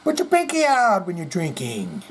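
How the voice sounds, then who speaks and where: A man voicing a prim parent scolding slowly and sternly. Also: high voice, huge pitch swings, a little hiss or hum, pitched above the performer's own voice.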